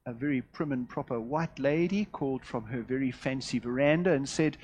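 A man preaching a sermon, measured and deliberate, swinging from loud emphasis to hushed, quiet endings. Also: medium pitch, breathy edge. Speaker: pastor.

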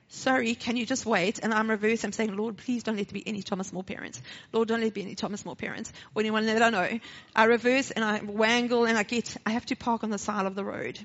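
At church, a woman speaking South African English tells her personal testimony with animated storytelling, voicing the dialogue herself, then moves into a brief sermon. Her voice is a little high, and the lo-fi recording sounds dull.

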